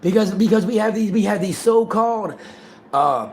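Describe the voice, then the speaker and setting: A man hosting a livestream in casual chat, excitable and profane, repeating himself and talking over others. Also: high voice, normal speed. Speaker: livestream host.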